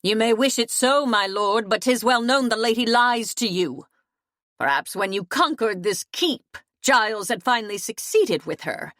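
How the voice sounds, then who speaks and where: A jealous, bitter mistress of the household, her voice raised high and loud with strain and hurt, as a woman reading an audiobook puts her on. Dry, close recording. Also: lively intonation, normal speed, dry recording. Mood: scornful.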